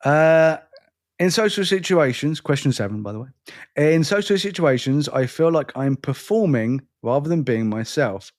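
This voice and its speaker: A man's voice: a little high, lively intonation, moderate pace. A tired English man with an accent between London and educated, chatting casually as podcast co-host, rambling and self-deprecating. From England. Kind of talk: casual chat.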